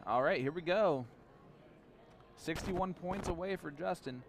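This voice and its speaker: A man doing live darts commentary in a chatty manner, quick to laugh. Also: on the high side, creaky.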